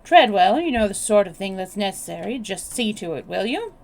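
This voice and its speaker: A woman's voice: medium pitch, sing-song, fairly quick, vocal fry, darkish tone. A woman voicing a weary, pompous older English lord who grumbles in a sad voice. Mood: grumbling.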